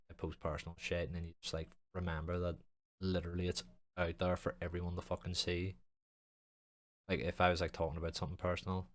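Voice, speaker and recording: A young man hosting his own podcast with a very deep voice. He talks in long, loose, jokey rambles and swears almost every sentence. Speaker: podcast host and streamer. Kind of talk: casual podcast chat.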